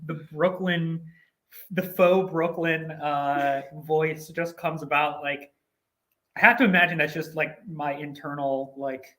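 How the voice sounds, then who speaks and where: A goofy, hyped-up young man co-hosting a casual livestream from an office studio. His voice sits high for a man and has a bright, forward edge. He jokes and riffs into a laptop mic. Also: steady tone, a little slow. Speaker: co-host.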